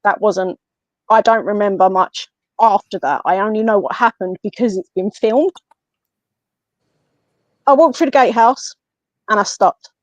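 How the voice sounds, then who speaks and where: An English woman tells a personal story as a podcast guest, chatting casually at a middling pitch. She is animated and acts out the lines of the people in her story. The recording is dry and slightly dull, like lo-fi call audio. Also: a little slow, pauses often, no room sound. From England. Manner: animated, tells the story by acting out what others said. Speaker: guest, medium and paranormal investigator.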